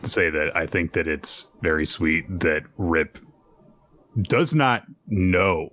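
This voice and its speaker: A man's voice: low voice, animated, takes it slowly, fairly bright tone, no echo. A man co-hosting a casual podcast, giving thoughtful comments with hesitant fillers. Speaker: podcast co-host. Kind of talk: casual chat.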